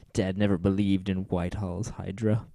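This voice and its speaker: A man co-hosting a podcast in casual chat, with a mid-pitched, dark and mellow voice. He sounds relaxed, laughs along and drifts into mock quotes. The recording is dry. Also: takes it slowly, creaky, dry recording. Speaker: podcast co-host.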